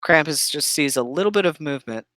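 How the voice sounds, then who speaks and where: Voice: mid-range voice, lively intonation, quick pace, fairly bright tone, no echo. A game master running a tabletop game, patiently checking rules aloud between bits of narration.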